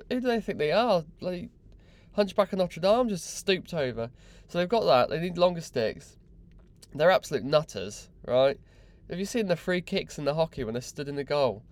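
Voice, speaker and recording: A young man hosting a podcast, mocking and exasperated in a sweary comic rant. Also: a little high. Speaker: podcast host.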